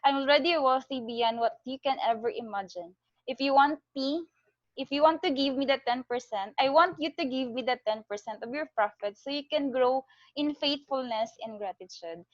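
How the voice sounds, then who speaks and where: A Filipino-accented woman voicing a generous wealthy man who explains his offer calmly, recorded on a dull, dry lo-fi track. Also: high-pitched, normal speed, no echo, close to an everyday voice.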